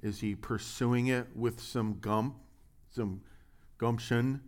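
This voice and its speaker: A man's voice: mid-range voice, fairly even intonation, takes it slowly. A man preaching a sermon from a church stage, asking lots of rhetorical questions with a bit of humor. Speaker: pastor.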